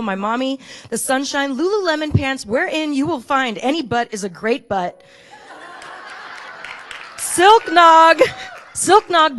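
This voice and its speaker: A woman speaking to her church congregation, telling a candid, emotional personal testimony that breaks into rapid lists of things. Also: mid-range voice. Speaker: church member giving a gratitude talk. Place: church sanctuary.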